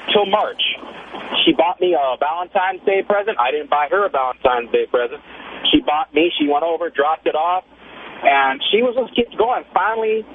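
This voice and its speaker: A male caller with a high voice, heard over a tinny phone line with faint hiss. He tells his story casually, with animated, chatty energy. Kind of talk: casual storytelling on a call-in show.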